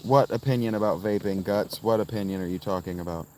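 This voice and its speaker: This man's voice is fairly low and darkish, and he talks quickly, with slight background noise. Hosting a livestream from a tent, he reads the chat and replies to viewers by name, rambling along and now and then launching into sing-song chants.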